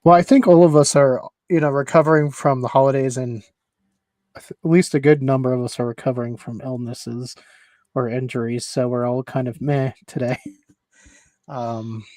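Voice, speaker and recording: A man's voice: medium pitch, steady tone, moderate pace, a little mellow, no echo. Easygoing male podcast host, dry sound. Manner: easygoing, chatty, laughs often. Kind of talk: casual sports chat.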